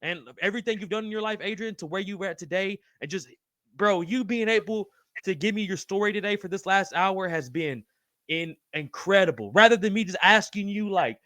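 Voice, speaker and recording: A man hosts a podcast in a high voice, recorded dry and close. He talks in an effusive, profane way, saying bro over and over as he reacts to his guest. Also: a little fast, bright, forceful tone, no echo. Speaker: podcast host. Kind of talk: casual podcast interview.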